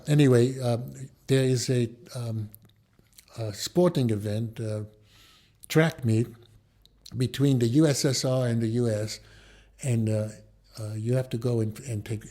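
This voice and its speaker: A man's voice: mid-range voice, unhurried, long pauses. Older New man spinning anecdotes. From the Bronx, New York. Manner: animated storyteller who acts out quoted dialogue. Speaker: interviewee, photojournalist. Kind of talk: anecdotal storytelling in conversation.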